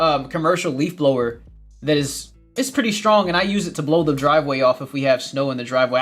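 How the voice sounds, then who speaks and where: A man's voice: fairly high pitch, fairly bright tone. A man hosting a gardening livestream, reading viewer comments in a casual chat, laughing often and repeating his phrases.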